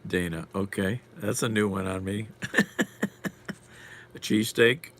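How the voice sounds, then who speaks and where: Low slow gravelly man. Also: slight background noise. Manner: relaxed, wry, answers chat comments. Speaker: live streamer. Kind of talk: casual live-stream chat while eating.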